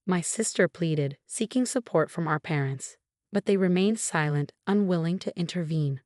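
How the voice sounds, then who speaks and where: A young woman narrating a first-person story in a measured, even storytelling manner. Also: lowish voice, no echo, studio quality.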